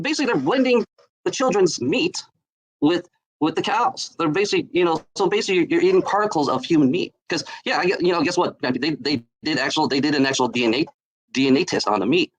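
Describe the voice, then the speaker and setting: A man's voice: on the high side, low-quality recording. A man on a livestream, ranting in a mocking, profane, repetitive way.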